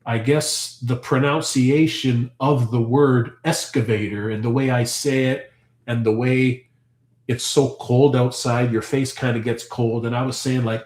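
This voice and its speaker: A Canadian man running a farm channel talks continuously while answering viewers' comments during a laid-back live stream. He has a medium-pitched, slightly mellow voice with a steady tone and measured pace, recorded with a roomy echo.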